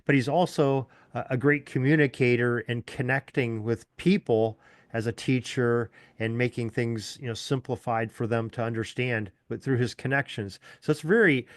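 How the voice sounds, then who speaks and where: A man's voice: mid-range voice, steady tone, moderate pace, dry recording. A man hosting a podcast interview, talking casually and rambling through many fillers. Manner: rambling, lots of "you know" fillers. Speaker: podcast host.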